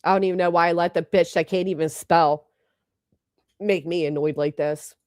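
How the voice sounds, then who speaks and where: A woman's voice: fairly low pitch, steady tone, moderate pace, darkish tone, dry recording, clean studio sound. A middle-aged woman hosting a livestream, blunt and profane, reading out viewer names between heated remarks. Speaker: livestream host.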